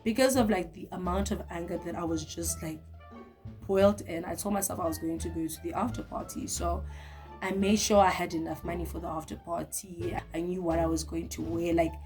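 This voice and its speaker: A young woman telling a story to her viewers in a vlog, lively and talking straight to the camera. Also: lowish voice, a little fast, faint music behind. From South Africa. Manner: animated, talks straight to the viewer. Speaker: vlogger.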